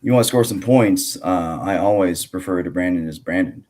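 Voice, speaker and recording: A man's voice: low voice, normal speed, darkish tone. A man hosting a casual grappling podcast, rambling with many fillers and restarts. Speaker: podcast host.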